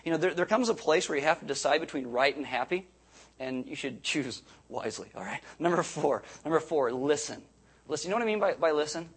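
Husky-voiced man preaching casually. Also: fairly high pitch, expressive, fairly quick. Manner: conversational, self-repeating, jokey asides. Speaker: pastor. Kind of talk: sermon.

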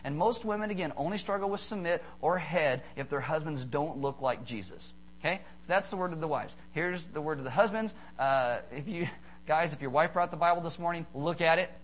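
A middle-aged man preaching a sermon in a fairly high voice. He is animated and playful, jokes with the congregation and acts out little stories. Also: a little fast, a little hiss or hum, low-quality recording. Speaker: pastor.

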